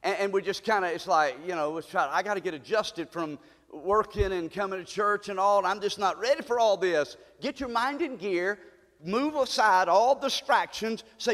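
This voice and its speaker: A male pastor delivers a sermon in a church sanctuary, his fairly high voice swooping up and down as he calls to the congregation and climbs into shouts. A long church reverb trails behind his words. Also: animated, normal speed. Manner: call-and-response preaching, rising to shouts.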